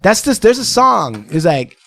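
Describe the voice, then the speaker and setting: A man's voice: a little high, animated, moderate pace, no echo. A man hosting a podcast, rambling and playful in casual chat, laughing often. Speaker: podcast host.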